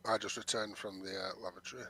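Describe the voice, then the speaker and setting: A man's voice: fairly low pitch, steady tone, fast talker, pushed and bright. A man playing a tabletop game, talking in an offhand, wry way. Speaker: player. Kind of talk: casual tabletop play.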